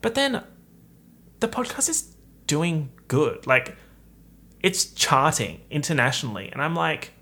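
A young man hosting his own podcast, talking casually in a chatty, campy, animated way. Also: on the high side. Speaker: podcast host. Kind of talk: casual solo podcast chat.

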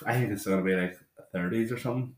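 Young man, low-pitched, casual swearing chat, roomy echo. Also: fast talker, a little hiss or hum. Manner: swearing, storytelling, laughs often. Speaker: podcast co-host.

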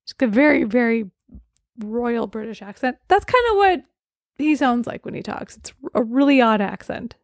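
Chatty higher-voiced woman, dry sound. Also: lively intonation, moderate pace, dry recording. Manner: chatty, rambling, self-correcting. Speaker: podcast co-host. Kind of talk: casual chat reviewing films.

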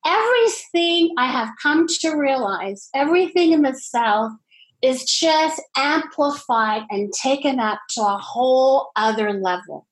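Animated Canadian-born woman telling stories. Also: sits high, measured pace, low-quality recording. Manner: animated storyteller, acts out phone chats with friends. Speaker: business founder guest. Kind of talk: podcast interview.

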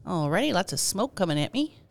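A woman co-hosts a comedy podcast, delivering absurd jokes with a deadpan edge. Her pitch swings widely, and her voice sounds dry and close, with no room echo. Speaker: podcast co-host. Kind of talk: casual comedic chat. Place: hot indoor studio room.

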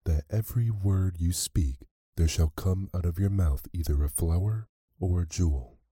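A man doing a gentle, formal fairy woman. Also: deep voice, moderate pace, slightly rough, dry recording, studio quality, pitched above the performer's own voice. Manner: gentle, formal old-fashioned speech. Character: kindly female fairy granting gifts.

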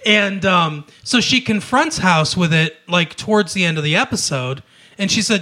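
A man co-hosting a casual podcast chat, retelling a TV episode in an animated way, acting out quoted lines and laughing often. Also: high-pitched, moderate pace. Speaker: podcast co-host.

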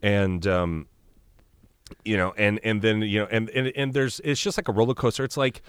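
Male podcast guest, very low voice, rambling and jokey, dry call audio. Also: steady tone, normal speed, smooth, no echo. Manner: rambling, lots of fillers, jokey. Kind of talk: casual chat. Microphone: video call.

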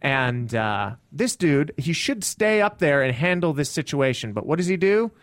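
Male comic, fairly high voice, animated storyteller, dry studio sound. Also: normal speed, dry recording. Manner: animated, acts out people in the story with sudden high shouts. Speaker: stand-up comic telling a story. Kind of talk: casual podcast storytelling.

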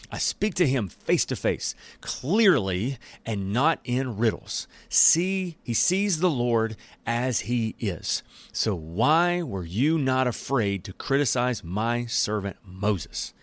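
A man voicing God as a stern, fatherly deity who speaks slowly and gravely. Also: medium pitch, big pitch swings, no echo. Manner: slow, grave, emphatic.

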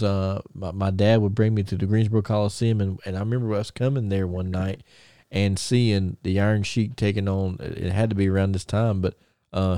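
Low, mellow podcast host rambling on. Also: male voice, dry recording, studio quality. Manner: excited, rambling storytelling with many restarts. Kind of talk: casual chat.

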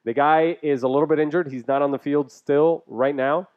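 A man's voice: on the high side, steady tone, moderate pace. A man with a slightly raised voice talks casually and bluntly, swearing as he jokes his way through opinions. The recording is dull and lo-fi. It sounds like an unpolished podcast chat between friends. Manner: profane, joking, blunt opinions. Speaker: podcast co-host.

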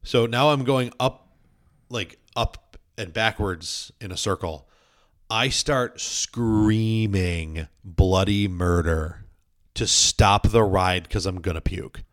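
A young man with a lowish voice speaks slowly in casual chat, telling stories and peppering his talk heavily with "like."

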